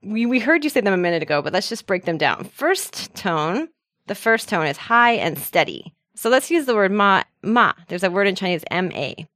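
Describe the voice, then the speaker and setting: A woman's voice: mid-range voice, very animated, moderate pace, a bit bright, dry recording, studio quality. A woman hosting a podcast language lesson, explaining patiently and cheerfully, often laughing as she prompts her co-host.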